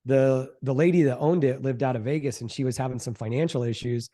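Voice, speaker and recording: Telling the tale of his first real estate deal, a middle-aged investor speaks at a medium pitch in a casual interview setting. His delivery is lively and full of impersonations of others' words, sprinkled with fillers such as "um" and "like."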